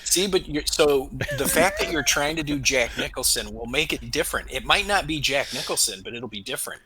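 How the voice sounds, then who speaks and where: Teasing player with a hissy call line. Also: male voice, medium pitch, brisk. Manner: teasing, blunt, swears, laughs a lot. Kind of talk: casual tabletop game chat over an online call. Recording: online call with steady background noise.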